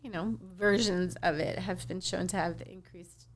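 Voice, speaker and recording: A woman's voice: lowish voice, steady tone, normal speed. A woman cardiologist talking frankly in a podcast interview, often quoting her patients. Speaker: cardiologist guest. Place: South Florida.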